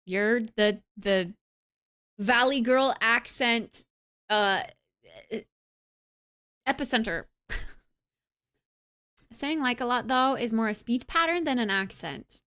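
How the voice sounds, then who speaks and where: A young adult woman streamer in casual chat, reading and answering her live chat, bubbly and animated and often saying "like". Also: fairly high pitch, slow, pauses often, clean tone.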